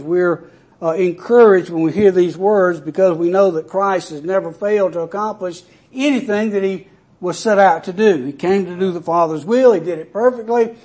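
A man's voice: high-pitched, normal speed, darkish tone. A man preaching a sermon in a conversational way, with frequent fillers, lifting his voice when he reads scripture aloud.

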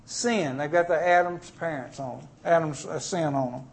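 A man's voice: a little high, moderate pace, vocal fry. A man preaching as a pastor, emphatic and folksy, acting out homely stories between scripture readings. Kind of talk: sermon.

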